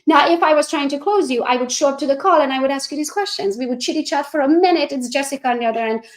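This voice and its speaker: A woman coaching real estate agents, who talks fast and a lot and acts out sales calls in a bubbly voice. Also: high voice, reverberant. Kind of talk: coaching presentation.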